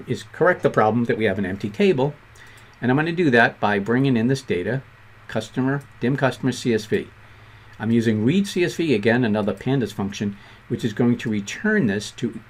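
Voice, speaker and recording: Casting note: fast-talking Boston man, mid-pitched, casual coding instructor walking through a screen tutorial. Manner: quick-talking, conversational, self-deprecating asides. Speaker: programming instructor.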